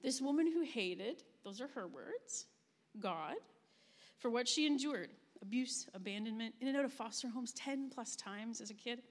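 Woman speaker, earnest storyteller, fairly high voice, long reverb of a large room. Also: expressive. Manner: earnest, storytelling, gentle pauses. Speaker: camp ministry leader giving a talk. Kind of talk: heartfelt spoken testimony.

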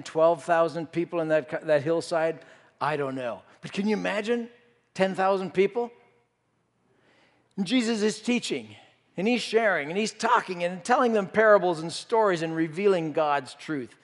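A man preaching a sermon, telling a story and acting out the disciples' voices. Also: fairly high pitch. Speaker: pastor. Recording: reverberant hall.

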